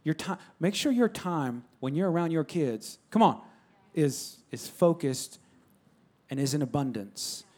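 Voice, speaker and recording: A man's voice: on the high side, lively intonation, measured pace, darkish tone. A man preaching a sermon in a conversational, emphatic style, repeating phrases and calling out to the congregation. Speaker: pastor.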